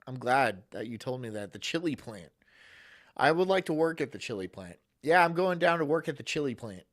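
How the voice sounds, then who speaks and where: A man's voice: medium pitch, fairly bright tone. A man hosting a live stream, talking casually with crude, sarcastic, mocking remarks. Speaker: streamer host. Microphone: studio mic.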